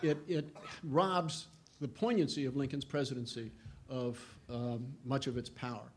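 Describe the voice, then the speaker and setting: A man's voice: medium pitch, steady tone, measured pace, slight background noise. A middle-aged man giving a history lecture, earnest, with frequent restarts and a lift in voice when reading quotations. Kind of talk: public lecture.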